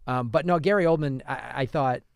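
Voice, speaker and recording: A man with an ordinary middle-pitched voice co-hosting a film podcast, winding through his thoughts with restarts. The studio sound is dry and close. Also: brisk, vocal fry, clear, resonant tone, dry recording. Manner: rambling, lots of fillers and restarts. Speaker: podcast co-host, film reviewer. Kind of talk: casual chat.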